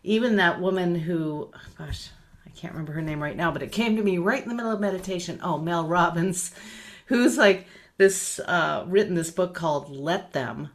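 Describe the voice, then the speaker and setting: A middle-aged woman teaching meditation, speaking gently and unhurriedly, with soft repeated words that trail off quietly. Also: on the low side, normal speed.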